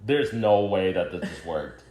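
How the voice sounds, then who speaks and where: A man's voice: sits low, expressive, unhurried, darkish tone. A man co-hosting a podcast, joking and teasing in casual banter. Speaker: podcast co-host. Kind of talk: casual chat. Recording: echoey room.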